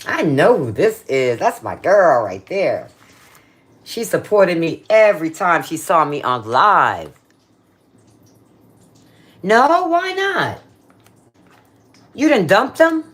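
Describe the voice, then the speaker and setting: Woman, livestream cooking host, chatty and playful, very animated pitch, phone mic in a home kitchen. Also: unhurried. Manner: chatty and playful, talks straight to her viewers, Southern slang. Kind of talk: casual livestream chat while cooking.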